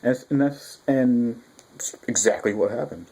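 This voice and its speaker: A man talks through a casual review in a mellow, warm voice. He is excitable and rambling, restarting sentences and swearing freely as he goes. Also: mid-range voice, unhurried, gravelly. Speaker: manga reviewer.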